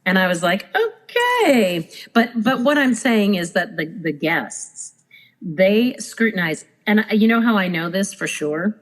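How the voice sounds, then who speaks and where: A woman with a mid-range voice, speaking at a moderate pace on a rough recording, is a former cruise director chatting on a podcast. She tells stories casually and animatedly, acting out the people she quotes.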